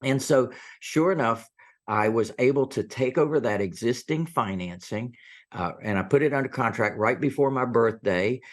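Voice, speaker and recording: A man's voice: mid-range voice, moderate pace. A man in his sixties, a real estate investor guest, telling stories and acting out the quotes of people in them. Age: 60s. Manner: animated storyteller, acts out quotes. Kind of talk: storytelling interview.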